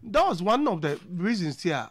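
A man's voice: high-pitched, very animated, moderate pace, noisy background. A man with a Ghanaian accent, a radio co-host who mostly murmurs agreement and now and then cuts in with comments. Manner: backchannels with short affirmations, sometimes interjects.

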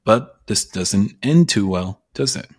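In a fairly low, slightly rough voice, a man delivers a slow, expressive self-help monologue. He's blunt, casual and persuasive, hammering his points home with frequent swearing.

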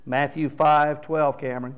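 A man's voice: a little high, level tone, measured pace, clean tone. A man preaching a sermon as pastor, earnest and exhorting, reading scripture aloud with rising emphasis.

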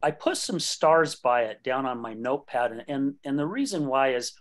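A man's voice: mid-range voice, animated, normal speed. A man in his late fifties hosting a podcast, talking candidly and joking, laughing often. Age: late 50s. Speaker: podcast host. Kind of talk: casual conversation.

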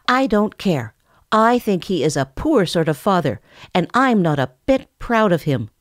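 A woman's voice: fairly low pitch, sing-song, unhurried, dry recording, clean studio sound, voice pushed up. A woman voicing a sulky young male bear cub who sniffs scornfully.

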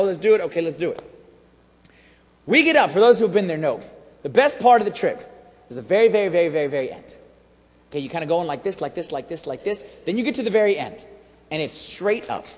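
Priest giving a lively, high-pitched sermon with long church reverb. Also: male voice. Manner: animated storytelling, swinging from hushed to shouting.

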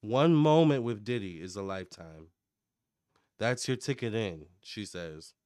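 A man giving a casual psychic tarot reading to camera, chatty and excitable as he relays what he picks up in a running commentary. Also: fairly low pitch, measured pace, no room sound, studio quality. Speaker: tarot reader and medium.

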